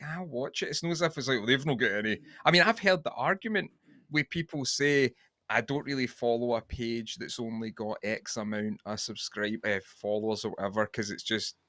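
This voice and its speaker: A man's voice: a little high, sharp tone, dry recording, studio quality. A Scottish man co-hosting a podcast, rambling and sweary in casual chat. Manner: rambling and sweary, with many restarts. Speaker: podcast co-host.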